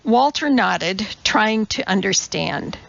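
A woman reading a novel aloud as an audiobook narrator, in a measured, deliberate way. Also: mid-range voice, animated, gravelly, a bit bright. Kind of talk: scripted narration. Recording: slightly dull recording.

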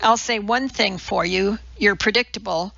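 A woman's voice: mid-range voice, normal speed, vocal fry, pushed and bright, no room sound, heavily acted. A woman voicing a snide, mocking office gossip. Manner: sarcastic, needling. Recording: slightly dull lo-fi.

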